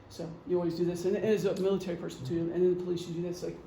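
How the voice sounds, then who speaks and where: The speaker, a middle-aged woman who retired from the police, jokes and chats through a casual lecture to a meeting, acting out gestures along the way. Her voice is lowish and dark with a steady tone, and she races through with few pauses. The echoey room recording has a little hiss or hum.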